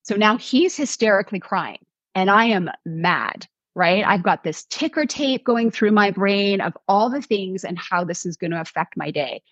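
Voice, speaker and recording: A middle-aged woman, a guest author, telling a personal story in a conversational, animated way, acting out what people said. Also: medium pitch, normal speed, no echo, lo-fi sound. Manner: animated, acts out quotes.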